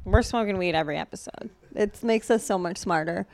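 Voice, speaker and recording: A woman's voice: medium pitch, a little fast, a little mellow. A woman co-hosting a podcast in casual chat, blunt and profane, joking, with lots of fillers. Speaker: podcast co-host.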